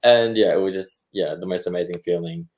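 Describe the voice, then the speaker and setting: A young man from Australia speaks in a very low voice. He answers modestly and haltingly, with frequent fillers, as a guest on a video call. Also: a crowd in the background. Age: young adult. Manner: modest, hesitant, many fillers. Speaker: filmmaker guest. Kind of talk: casual interview answers.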